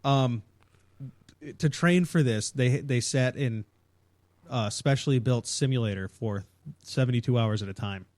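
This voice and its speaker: A man co-hosting a podcast works through facts in casual conversation, often restarting his sentences as he finds the words. His pitch sits in the middle for a man. The recording is dry and close, with almost no room sound. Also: measured pace, a little mellow, no echo. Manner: explains facts with frequent restarts. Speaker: podcast co-host. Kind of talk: casual chat.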